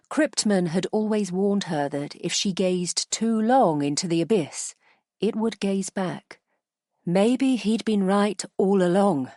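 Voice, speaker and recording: Woman reading a dark fantasy audiobook, deep low voice, slow, dry close mic. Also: no room sound. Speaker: audiobook narrator. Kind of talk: scripted narration.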